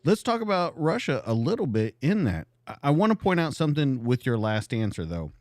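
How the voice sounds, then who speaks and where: A man's voice: medium pitch, very animated, brisk, a little mellow, dry recording, studio quality. A man hosting a live podcast, asking long, winding questions of his guest. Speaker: podcast host.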